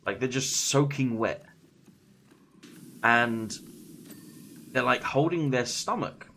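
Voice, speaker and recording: A man streaming a game while casually retelling a scary story, halting and full of fillers and restarts. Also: mid-range voice, pushed and bright, a little hiss or hum.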